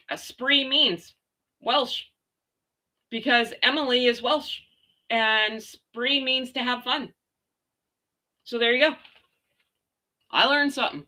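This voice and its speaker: A woman's voice: a little high, slow pace, pauses often, pushed and bright. A woman hosting a casual gossip livestream, reading out viewer comments and ranting sarcastically. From Canada. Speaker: royal gossip livestream host.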